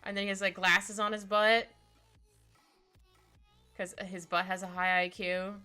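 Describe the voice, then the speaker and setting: A woman's voice: medium pitch, level tone, unhurried, bright, forceful tone, clear, resonant tone. A young woman chatting casually and playfully with her viewers as she draws on a live stream, laughing often. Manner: giggly, playful, talks to chat. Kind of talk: casual chat while drawing. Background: faint music.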